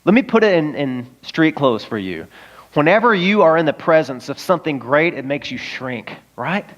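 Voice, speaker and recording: A man's voice: on the high side, big pitch swings, moderate pace, a bit bright, muffled recording. A man preaching a sermon as pastor, talking casually with frequent rhetorical questions to the congregation. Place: church service in a high school auditorium.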